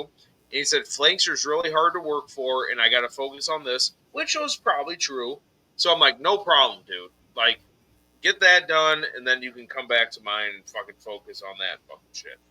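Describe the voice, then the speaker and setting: A man tells a grievance story on a live stream, his voice very bright and slightly high. He swears constantly and gets loud when he acts out what he said back. It sounds like relaxed, unscripted chat among friends. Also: moderate pace, low-quality recording. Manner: heated, profane storytelling, voices his own outbursts loudly. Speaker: podcast host telling a story.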